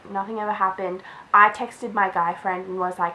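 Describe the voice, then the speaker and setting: A woman's voice: mid-range voice, fairly even intonation, normal speed, bright, forceful tone, slight background noise, poor audio. A young woman vlogger chatting through a storytime, filling her talk with "like". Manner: chatty, lots of "like". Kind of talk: storytime vlog.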